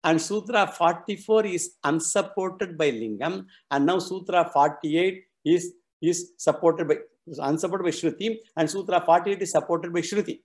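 Man, scripture lecture, a little high-pitched, methodical, repeats key terms. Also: moderate pace. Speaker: scripture teacher.

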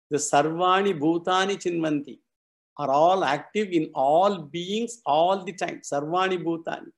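A man teaching a scripture class, methodically repeating and explaining Sanskrit terms. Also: a little high.

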